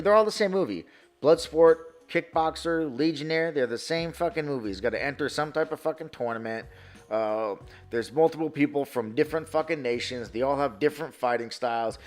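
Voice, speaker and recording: With a medium-pitched voice, this man from New York, in his thirties, responds to his live stream chat casually. He rambles, gets excited, and swears freely.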